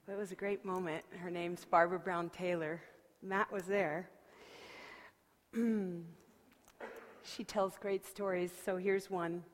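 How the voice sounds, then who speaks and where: A woman's voice: lowish voice, takes it slowly, long pauses. Woman preacher telling a story in a hall. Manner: expressive storyteller, shifting from soft to lively. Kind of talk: sermon, storytelling. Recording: long hall reverb.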